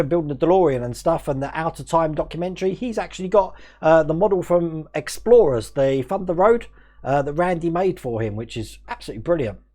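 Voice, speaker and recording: A man from Australia with a mixed Australian and English accent, hosting a casual live stream, chatting quickly, laughing often and reading out viewer comments. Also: high-pitched, mellow.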